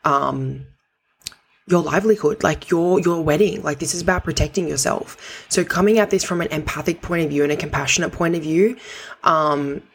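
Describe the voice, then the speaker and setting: A woman with a low, husky voice talks through practical advice like a coach. She is direct and conversational, with the odd casual swear word thrown in. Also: normal speed. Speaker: podcast host.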